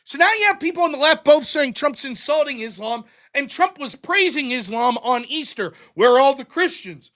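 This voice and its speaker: A man hosting a live-streamed show, ranting through profane, mocking political commentary that swings from shouting to muttering. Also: very high-pitched, animated, normal speed, few pauses.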